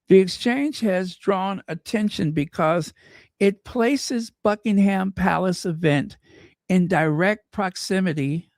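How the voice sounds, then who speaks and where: A man's voice: high voice, darkish tone, no echo, clean studio sound. A man hosting a commentary channel, reading news aloud with chatty, sarcastic asides to his viewers. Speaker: royal commentary channel host.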